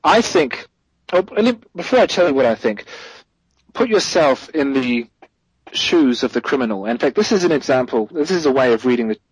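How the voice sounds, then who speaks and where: Husky-voiced man explaining carefully. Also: mid-range voice, animated, moderate pace, no echo, rough recording. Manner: thoughtful, self-correcting, rising emphasis on key points. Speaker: guest theologian. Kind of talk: explanatory interview answer.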